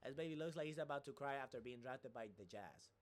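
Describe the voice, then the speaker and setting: A man's voice: mid-range voice, quick pace. A man giving a casual, rambling sports rant as a streamer, repeating himself and swearing freely.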